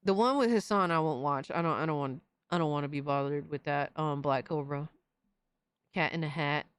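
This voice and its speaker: A woman hosting a live stream, reading chat messages aloud and reacting in an excitable, profane, casual way. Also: deep voice, normal speed, clear, resonant tone, no echo. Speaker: livestream host reading chat.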